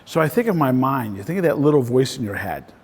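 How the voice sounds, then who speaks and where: A man's voice: mid-range voice, big pitch swings, quick pace, darkish tone, slightly rough. A man in the role of a real estate coach, giving a casual, conversational talk to a small group and often ending points with "right?". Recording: voice in a reverberant room.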